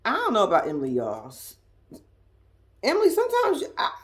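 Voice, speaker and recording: A woman's voice: a little high, wildly swooping pitch, a little fast. A woman with a Southern US accent giving a blunt, sassy, laughing casual commentary as a vlogger. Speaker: reality TV recap vlogger.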